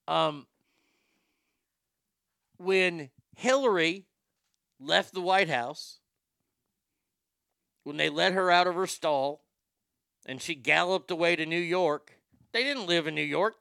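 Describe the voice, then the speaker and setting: A man's voice: a little high, slow pace, vocal fry, pauses often, bright, forceful tone, clear, resonant tone, no room sound, clean studio sound. A male show host delivering profane, sarcastic political commentary, with boastful asides.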